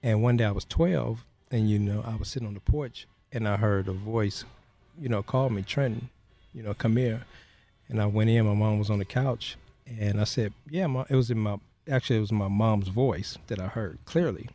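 A man speaks as an interview guest, walking through a personal story in a low, mellow voice. He talks in a halting way, leaning on "you know" between phrases.

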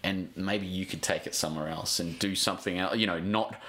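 A man's voice: deep voice, steady tone, a little fast, bright, forceful tone. A middle-aged Australian man, a journalist guest on a podcast, talking in a rambling, heartfelt way with casual swearing and many restarts. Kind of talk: emotional podcast interview.

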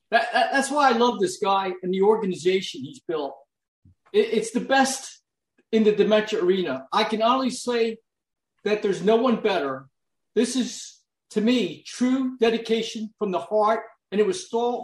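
A man speaking heartfelt, admiring words and putting questions to a guest in an interview. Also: high voice. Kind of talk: interview conversation. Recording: roomy echo.

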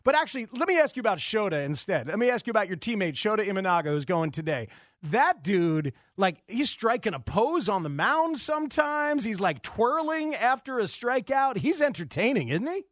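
A man's voice: sits high, sing-song, normal speed, a bit bright, no room sound, clean studio sound. A man hosting a casual sports interview, upbeat and laughing easily as he fires off questions. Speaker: interviewer, sports show host.

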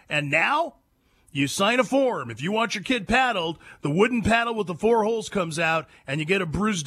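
A male talk radio host delivers an emphatic monologue full of rhetorical questions. His voice sits high and bright, and it swings widely in pitch as he tells stories. His delivery is lively and sharp. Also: husky.

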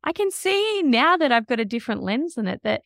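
A woman in her thirties hosting a casual parenting podcast, chatty and animated, acting out the voices she quotes. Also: sits high, brisk, gravelly, dry recording, clean studio sound. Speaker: podcast host.

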